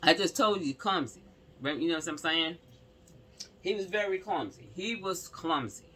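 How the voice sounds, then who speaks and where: A woman's voice: on the low side, animated, normal speed, fairly bright tone. A woman casually telling a personal story to her viewers, emphatic and rambling, with many asides to the audience.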